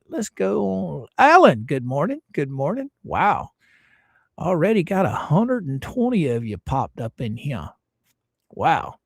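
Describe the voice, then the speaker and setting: A man hosts a casual livestream, drawing out his greetings at an unhurried pace. His pitch rises and falls in lively swings. The sound is dry and close, with no room around it. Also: no echo. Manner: folksy, drawn-out greetings and repeated phrases. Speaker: livestream host.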